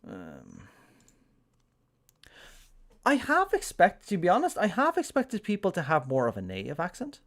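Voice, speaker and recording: An Irish man casually commenting on a game during a live stream, chatty and rambling, often pausing with ums. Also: high-pitched, huge pitch swings, a bit bright. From Ireland. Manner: chatty, rambling, thinking aloud with many ums.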